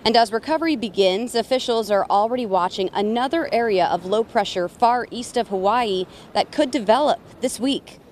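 Woman, field weather reporter, even scripted delivery, faint street noise. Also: a little high, normal speed, few pauses.

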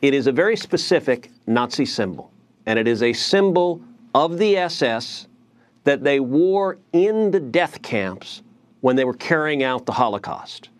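A middle-aged man, a senator as a TV news guest, speaking forcefully and indignantly, often repeating words as he starts a point. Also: medium pitch, expressive, measured pace. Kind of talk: political TV interview.

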